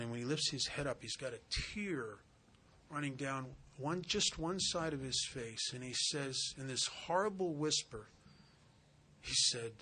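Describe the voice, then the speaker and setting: Man, retreat speaker, earnest storyteller, bright, forceful tone, acts out voices. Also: medium pitch, slight background noise. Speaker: recovery speaker. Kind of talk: spiritual retreat talk. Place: retreat center hall.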